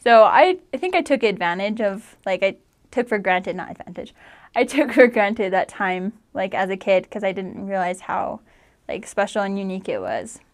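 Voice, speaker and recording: A woman in her twenties telling family stories in casual chat, full of "like" and lively quoted voices. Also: mid-range voice, moderate pace. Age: 20s. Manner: chatty, lots of "like", animated quoting. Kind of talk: casual storytelling.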